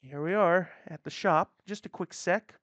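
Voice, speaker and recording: A woman's voice: on the low side, moderate pace, no echo, lo-fi sound. A woman giving casual, offhand commentary with wry asides while playing through a game. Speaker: let's-play gamer. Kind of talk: casual commentary over gameplay.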